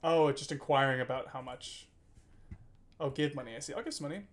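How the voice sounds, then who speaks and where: A man's voice: medium pitch, fairly even intonation, brisk. A man streaming a video game, chatting casually, reading game text aloud, laughing and swearing now and then. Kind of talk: casual gameplay commentary.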